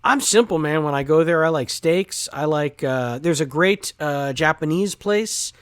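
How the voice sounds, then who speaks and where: A man's voice: on the high side, unhurried, clean tone. Easygoing chatty male actor guest. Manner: easygoing, chatty, with many fillers. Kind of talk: casual interview chat.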